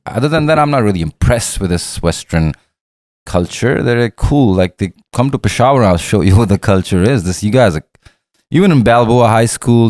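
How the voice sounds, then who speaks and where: A man's voice: sits low, darkish tone, no room sound. A middle-aged man with a Pakistani accent, telling long, profane stories as an interview guest and acting out the dialogue. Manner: profane, rambling, acts out dialogue. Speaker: guest rapper. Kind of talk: candid storytelling interview.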